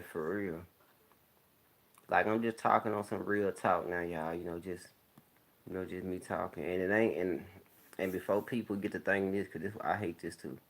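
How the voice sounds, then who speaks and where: A man with a deep, gravelly voice talks in a loose, unhurried monologue. He speaks candidly and keeps clearing his throat as he goes. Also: steady tone. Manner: laid-back, rambling, candid talk with frequent throat clearing. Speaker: vlogger. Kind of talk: casual monologue to camera. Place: home, smoking while talking.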